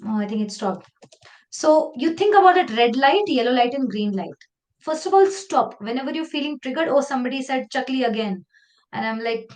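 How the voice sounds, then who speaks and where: A woman with an Indian English accent leading a live online training session, talking in a lively, conversational way and slipping into Hindi phrases. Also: a little high, fairly quick.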